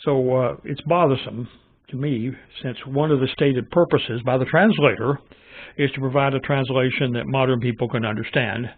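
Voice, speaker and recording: A man talks through his views in a musing, halting, opinionated way, like a host chatting on his own channel. The audio is thin and phone-like. It is dry, with no room echo. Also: mid-range voice, husky. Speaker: channel host reviewing Bible translations. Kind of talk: casual spoken commentary.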